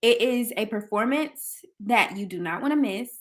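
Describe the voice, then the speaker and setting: A young woman hosting a casual interview, lively and chatty. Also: a little high, moderate pace, slight background noise. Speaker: host.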